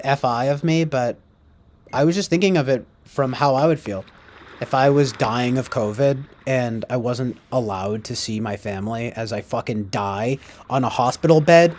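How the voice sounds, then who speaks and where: A man's voice: medium pitch, moderate pace. A man ranting casually, rambling and profane, with heavy fillers. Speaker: streamer. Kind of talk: casual rant.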